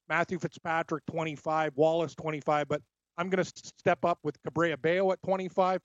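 A man co-hosting a casual sports betting show, an animated storyteller giving his picks. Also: on the high side, no room sound. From Scotland. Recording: dry, dull lo-fi sound.

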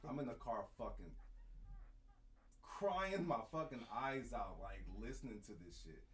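A man's voice: mid-range voice, big pitch swings, measured pace, fairly bright tone, rough recording. A young man, a podcast co-host, telling a heartfelt story in casual, profane chat.

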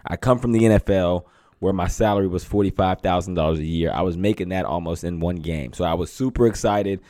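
A man in his thirties from Pennsylvania, co-hosting a sports podcast and telling stories in a casual, animated way. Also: low voice, brisk, no echo, clean studio sound. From Pennsylvania, USA. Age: 30s. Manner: animated storyteller, acts out quotes. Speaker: podcast co-host, former NFL receiver.

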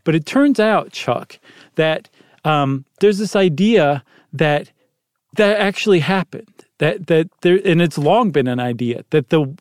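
Male podcast co-host, slightly higher voice, chatty and joking, dry close mic. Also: darkish tone, no echo. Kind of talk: casual chat.

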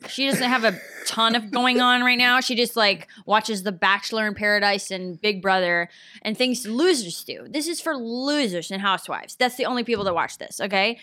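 A woman hosting a comedic interview, teasing her guest in a deadpan, roasting way. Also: medium pitch, normal speed. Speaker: interviewer host.

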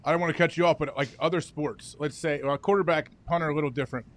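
A man co-hosting a sports talk show who explains his points in a relaxed way, with plenty of fillers. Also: on the high side, fast. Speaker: co-host, former football player.

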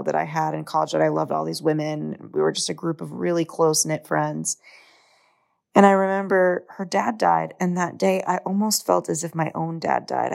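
Woman, young adult, podcast host, gravelly fry, lowish voice, earnest and confiding. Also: a little mellow. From United States. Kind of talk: solo reflective podcast monologue.

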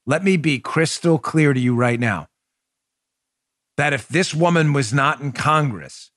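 A man's voice: a little high, sing-song, normal speed, a bit bright, dry recording, studio quality. A man hosting a political commentary show, sarcastic and mocking, emphatic and heated, with jokey banter toward his co-host.

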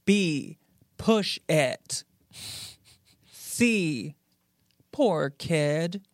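A woman hosting a podcast in casual chat, animated and playful, acting out quotes in funny voices. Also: deep voice, very slow, no room sound.

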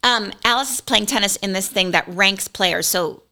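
A woman's voice: mid-range voice, moderate pace, sharp tone. A middle-aged woman co-hosting a casual chat, telling stories in a chatty way full of likes. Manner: chatty storytelling with many likes. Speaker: podcast co-host.

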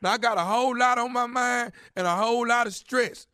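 A man's voice: very high voice, brisk, pushed and bright, clear, resonant tone, no echo, studio quality. A man playing a hotheaded male inmate calling from jail, talking street slang, insistent and confrontational. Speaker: prank caller.

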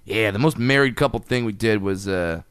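A man's voice: lowish voice, moderate pace, clean tone, no room sound, clean studio sound. A man in his thirties, a comedian hosting a podcast, rambling and chuckling as he tells stories in casual chat. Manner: rambling, chuckly, animated storytelling.

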